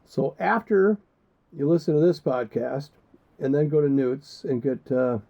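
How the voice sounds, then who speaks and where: A man's voice: a little high, a little slow, creaky, dark tone. A man co-hosting a casual podcast, rambling and joking with crude asides. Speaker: podcast co-host. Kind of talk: casual chat. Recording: muffled lo-fi podcast audio.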